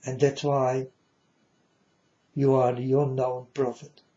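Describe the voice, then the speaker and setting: A man speaks slowly and earnestly in non-native English, his voice very dark and mellow. He pleads with his listeners like a self-proclaimed prophet, and the recording sounds dull and lo-fi. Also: medium pitch, completely flat delivery. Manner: earnest, pleading, repeatedly addressing listeners as folks. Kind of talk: emotional personal testimony to viewers.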